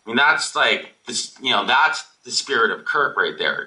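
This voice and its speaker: A film director answering audience questions over a video call, rambling and emotional, swearing casually. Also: male voice, medium pitch, big pitch swings, normal speed, bright, forceful tone, rough recording.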